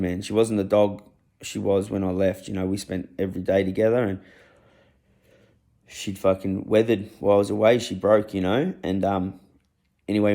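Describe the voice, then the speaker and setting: A man's voice: low voice, mellow. A young man telling a raw personal story, blunt and rambling, swearing freely.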